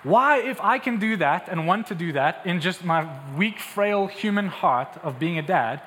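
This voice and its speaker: A man's voice: high-pitched, animated, unhurried, fairly bright tone, big-room sound, a little hiss or hum. A young man preaching a sermon as a pastor, conversational and then building to emphatic peaks.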